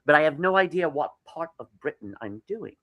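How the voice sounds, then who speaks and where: A man co-hosting an interview show in a restaurant, eager and prompting the guest with quick questions. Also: on the high side, animated, dry recording, dull audio. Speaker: co-host. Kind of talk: casual interview chat.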